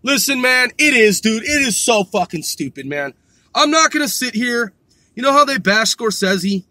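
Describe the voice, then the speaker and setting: A man's voice: extremely high pitch, animated, normal speed, sharp tone, dry recording. A middle-aged man ranting in an exasperated, profane way, repeating himself and swearing constantly. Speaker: vlogger. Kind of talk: ranting monologue.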